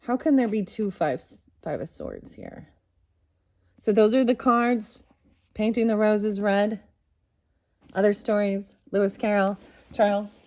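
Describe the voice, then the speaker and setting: A woman giving a casual tarot reading and reading aloud from a storybook, excitable and talking straight to her viewers. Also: mid-range voice, slow pace, pauses often. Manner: excitable, talks straight to viewers, bursts of laughter. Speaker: tarot reader.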